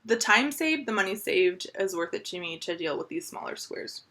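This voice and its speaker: A woman's voice: mid-range voice, lively intonation, moderate pace, pushed and bright. A woman showing her crochet squares in a casual, upbeat, chatty vlog, full of fillers. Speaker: crochet vlogger. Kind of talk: casual show-and-tell.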